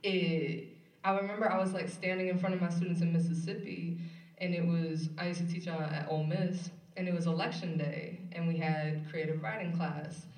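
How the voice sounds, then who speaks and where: A poet telling a story in a casual, animated way, laughing and swearing now and then, recorded live at a college event. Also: medium pitch, moderate pace. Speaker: podcast poet. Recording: echoey room, far from mic.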